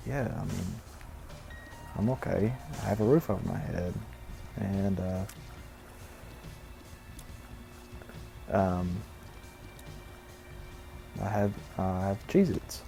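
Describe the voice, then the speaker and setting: A man's voice: deep voice, fairly even intonation, slow, gravelly, long pauses, warm tone, faint music behind, exaggerated voice. A man voicing a meek, eager-to-please broke man in a story he tells over gameplay, hesitant and pleading. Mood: subdued.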